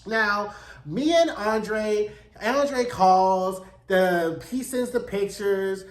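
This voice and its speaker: A man's voice: sits high, extremely slow. Guy recapping a tv episode, gossipy and slangy, echoey room. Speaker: TV recap host.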